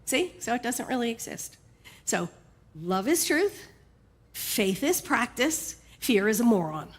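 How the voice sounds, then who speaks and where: A woman's voice: fairly high pitch, big pitch swings, unhurried. A woman minister giving a sermon in a conversational, humorous way, often checking in with "right?".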